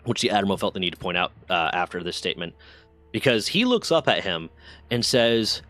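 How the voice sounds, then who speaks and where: A man's voice: sits low, lively intonation, a little fast, a bit bright. A man streaming a game while telling a rambling, profane story in a casual way. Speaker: gaming streamer.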